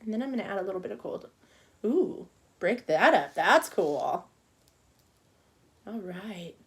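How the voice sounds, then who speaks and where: A middle-aged woman with a medium-pitched voice and big swings in pitch talks a little slowly as she teaches an online cupcake decorating class. Her manner is chatty, with soft murmurs to herself as she works.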